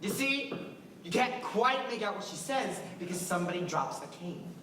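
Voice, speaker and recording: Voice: mid-range voice, animated, moderate pace, close to an everyday voice. Brief: student as a wistful middle-aged fan in a chair, rambling stage asides, distant echoey hall, hiss. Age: teens. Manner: rambling, confiding asides to the audience. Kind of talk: stage musical monologue. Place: school auditorium stage. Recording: echoey hall taped from far off, noisy.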